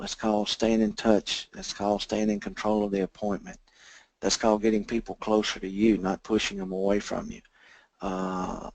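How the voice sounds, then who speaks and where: Gravelly-voiced man coaching a sales team. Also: lowish voice, a little mellow, no room sound, rough recording. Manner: acts out both sides of sales conversations; talks straight to listeners, often checking with "okay?". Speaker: sales trainer. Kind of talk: instructional training talk.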